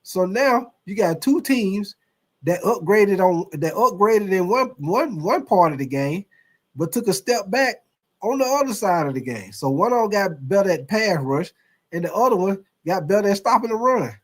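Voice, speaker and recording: A man hosts a casual sports livestream and talks in a loose, slangy, animated way. His voice sits a little higher than most men's. He keeps the chat going as he reads out viewer comments. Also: moderate pace. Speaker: host.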